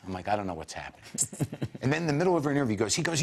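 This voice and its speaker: A man in his forties with a fairly low voice spins a long anecdote as a talk show guest. He talks fast and animated, slipping into quoted voices as he goes. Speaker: interview guest, comedian. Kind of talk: storytelling in a talk show interview.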